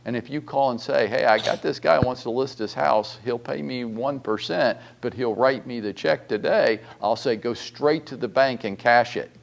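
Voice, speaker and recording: A middle-aged man, a real estate broker, giving a blunt, animated training talk full of rhetorical questions and mild swearing. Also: medium pitch, normal speed, creaky, hardly any pauses, a little hiss or hum.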